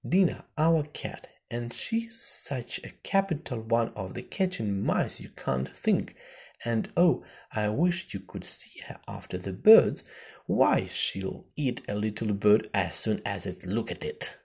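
A man's voice: mid-range voice, very animated, slow, gravelly, darkish tone, slightly rough, full character voice. A man voicing Alice, an eager little girl. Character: curious polite little girl.

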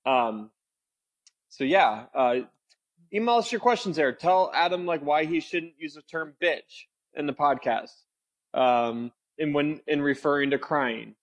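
A man's voice: a little high, expressive, a little slow. A young man hosting a casual podcast, easygoing, with lots of "like" and "um". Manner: easygoing, filler-heavy, mildly disapproving. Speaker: podcast host.

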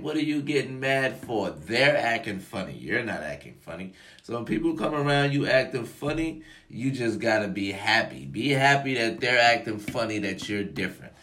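A young man talks straight to camera in a loose, profane motivational rant. His voice leaps from low muttered asides up to loud, shouted bursts of emphasis, and his pitch moves all over the place. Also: expressive, moderate pace. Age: young adult. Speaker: vlogger.

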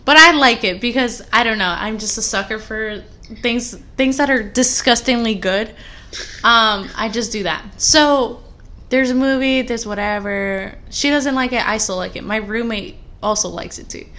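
A young woman co-hosting a podcast in casual chat, telling animated, rambling stories full of fillers. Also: a little high, moderate pace. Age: young adult. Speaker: podcast co-host.

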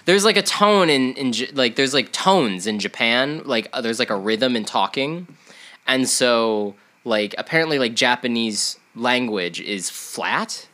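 A man's voice: mid-range voice, lively intonation, a little slow, bright, forceful tone. A young man with a stuffy nose co-hosting a podcast, rambling in casual chat with many fillers and restarts. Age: young adult. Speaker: podcast co-host.

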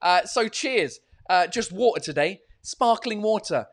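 A man's voice: high-pitched, lively intonation, a little slow. A man hosting a casual live-stream podcast, rambling and swearing freely as he chats from a hot room with a fan running. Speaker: podcast and livestream host.

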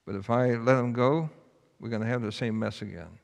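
A man's voice: mid-range voice, a little fast, vocal fry, natural voice. A man doing a stern, frustrated schoolteacher. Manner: stern, commanding. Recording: long hall reverb.

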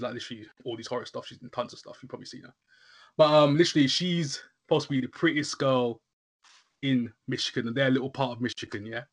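A man, chatting casually about a TV episode, animated and quick to laugh. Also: mid-range voice. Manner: animated, laughs often, says "literally" a lot. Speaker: podcast host reviewing a horror episode. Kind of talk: casual chat.

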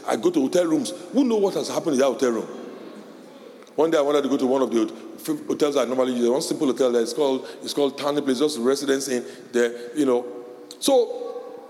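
A middle-aged man preaching a sermon as pastor, animated, laughing often and shouting in a high voice when quoting parents. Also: fast. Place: church hall. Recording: echoey hall with long reverb.

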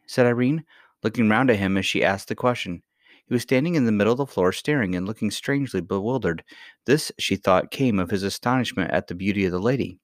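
Low-voiced man reading a storybook. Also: brisk, dry recording, clean studio sound. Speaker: audiobook narrator. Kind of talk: storybook narration.

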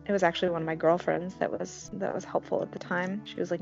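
Woman, lower voice, candid storytelling, casual filler words, muffled sound, soft guitar behind. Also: steady tone, quick pace, gravelly, few pauses. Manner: candid, conversational, frequent "like" fillers, swears. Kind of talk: personal storytelling.

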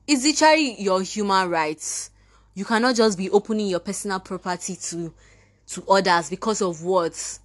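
A woman's voice: mid-range voice, normal speed. A fifteen-year-old girl with a Nigerian accent, talking straight to listeners in an angry, fired-up podcast monologue. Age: teens. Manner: indignant, ranting, mimics others mockingly. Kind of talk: impassioned monologue.

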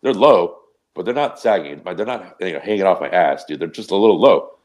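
Deep-voiced man telling a rambling story. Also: fairly quick. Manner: rambling, profane, animated anecdote. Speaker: podcast co-host. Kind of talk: casual storytelling.

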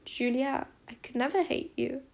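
A woman voicing a gentle, caring middle-aged father in an audiobook, speaking softly and tenderly. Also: high-pitched, moderate pace, gravelly. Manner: soft, quiet and tender. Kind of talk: audiobook character voice.

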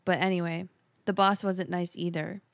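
A woman's voice: on the low side, level tone, moderate pace, no echo. A woman co-hosting a podcast, chatting casually with crude, teasing banter and reading a listener's email aloud. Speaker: podcast co-host. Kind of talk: casual chat.

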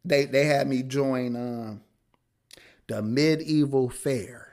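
A man's voice: medium pitch, fairly even intonation, takes it slowly, a little mellow. A man co-hosting a podcast, telling stories in casual, profane chat and slipping into mocking voices. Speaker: podcast co-host.

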